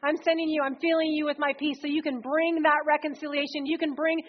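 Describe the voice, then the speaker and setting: A woman preacher delivering a sermon in a conversational, energetic way, often slipping into acted quotes. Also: high voice, quick pace. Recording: dull lo-fi recording.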